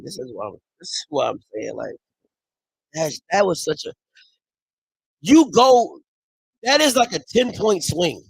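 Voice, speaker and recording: Heated high-voiced man ranting at chat. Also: vocal fry, husky, no echo. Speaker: host of a live watch party. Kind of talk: live game reaction stream.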